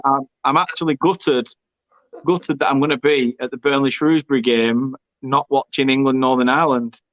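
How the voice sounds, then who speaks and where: A man hosts a football watchalong in casual stream chat. He reads viewer comments aloud and throws in jokes. His voice sits a bit high and smooth, recorded close and dry, with a muffled lo-fi stream quality. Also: fairly bright tone, no room sound. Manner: chatty, jokey, stumbles and repeats words. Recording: dull lo-fi stream audio.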